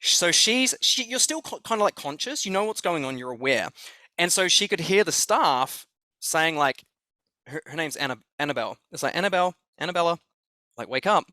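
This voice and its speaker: An Australian man telling a story as a podcast guest, excited and swearing freely, often restarting his sentences. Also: on the high side, normal speed, dry recording. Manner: excited, profane, repeats himself. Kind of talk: conversational storytelling.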